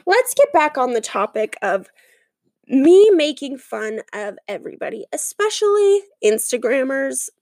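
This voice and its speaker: Woman host, high-pitched, strained voice, sarcastic rambling podcast rant, dry close sound. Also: very animated, measured pace, darkish tone, dry recording. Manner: sarcastic, rambling, full of fillers. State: voice giving out. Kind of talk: casual comedic monologue.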